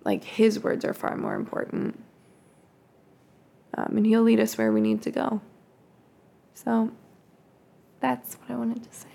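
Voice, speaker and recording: A woman's voice: a little high, huge pitch swings, measured pace, creaky, pauses often, mellow. A woman co-hosting a casual faith podcast. She tells a story reflectively and acts out the quoted voices. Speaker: podcast co-host.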